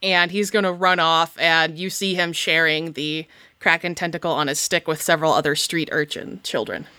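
A woman's voice: sits low, fairly even intonation, moderate pace, bright, forceful tone, no room sound, studio quality. A woman narrating as game master of a tabletop role-playing game, describing scenes with ease.

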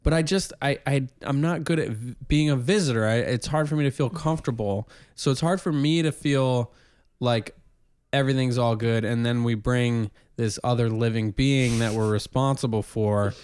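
A man's voice: mid-range voice, normal speed, darkish tone, clear, resonant tone, no room sound, clean studio sound. A man in his late thirties co-hosting a podcast, chatting casually in a rambling, self-deprecating way. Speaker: podcast co-host. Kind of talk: casual chat.

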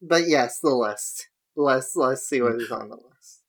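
A man co-hosting a podcast slips in dry, deadpan jokes during casual chat. His voice sounds bright and forward. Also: mid-range voice, a little slow. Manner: dry, joking asides. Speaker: podcast co-host.

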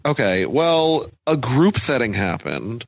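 Male US co-host, mid-pitched, dry close mic, laughs mid-sentence, lots of ums. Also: very animated, slow pace, creaky, no echo. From United States. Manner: giggly, hesitant, many fillers. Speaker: podcast co-host. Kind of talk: casual chat recapping a reality show.

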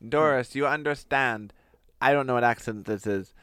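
A man's voice: mid-range voice, fast talker, clean tone, no echo, clean studio sound, voice pushed down, natural voice. A man doing a pompous mock-accented husband. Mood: dismissive.

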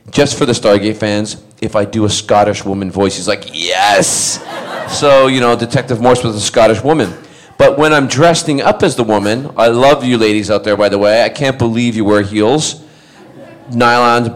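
A middle-aged man, an actor, tells a rambling, funny story to fans. He laughs often and restarts his sentences. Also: on the low side. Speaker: actor answering fan questions. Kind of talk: anecdotal convention Q&A.

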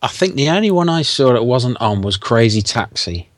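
A man's voice: mid-range voice, big pitch swings, normal speed, dry recording, studio quality. A man co-hosting a podcast, chatting in a laid-back way with short replies. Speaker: podcast co-host. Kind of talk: casual chat.

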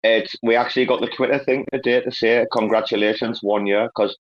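An English man hosting a loose late-night chat, peppering everything with swearing and bursts of laughter. His voice sits at a medium pitch, and the audio sounds a little dull and lo-fi. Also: fairly even intonation, brisk. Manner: profane, laughing, storytelling with a northern English slang. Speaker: host. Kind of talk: casual crypto community chat.

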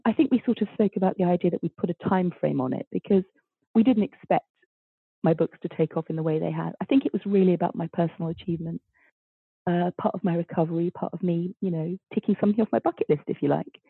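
Husky bubbly woman on a thin line. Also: on the low side, no room sound. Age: 50s. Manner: animated, bubbly, acts out quoted dialogue. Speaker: guest author. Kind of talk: interview storytelling. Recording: thin phone-like line, dry.

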